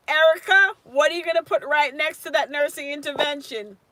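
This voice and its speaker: A woman's voice: high-pitched, a little fast, bright, forceful tone, no echo. A woman tutoring nursing students on a casual live stream, chatting and answering viewers' comments by name.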